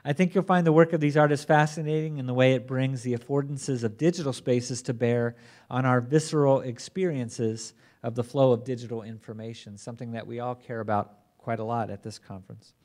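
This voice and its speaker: A man acting as conference moderator, introducing the plenary speakers in a measured way with occasional restarts. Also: medium pitch, fairly even intonation, darkish tone. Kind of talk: formal introduction.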